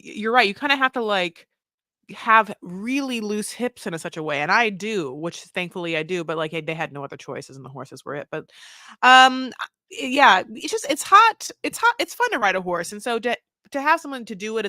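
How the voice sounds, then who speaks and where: A woman's voice: fairly high pitch, very animated, moderate pace, sharp tone, dry recording, clean studio sound. A woman co-hosting a casual recap podcast, chatty and rambling, often jumping in with short replies. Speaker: podcast co-host.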